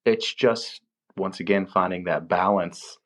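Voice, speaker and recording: A man's voice: sits low, a little slow. A man, a film location manager, telling stories from work in a casual interview and acting out the people he quotes. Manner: animated storyteller, acts out quoted voices.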